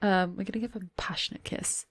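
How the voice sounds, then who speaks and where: A woman's voice: medium pitch, steady tone, fast talker, slightly rough. A woman hosting a let's play, chatting through the game and gasping and giggling at the drama. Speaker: gaming channel host. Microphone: desktop USB microphone.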